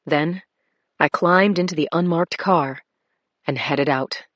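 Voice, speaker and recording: A woman narrating a crime thriller in a low, steady voice. Her delivery is measured and even. The recording is dry and close. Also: dry recording. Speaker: audiobook narrator. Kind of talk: scripted first-person thriller narration.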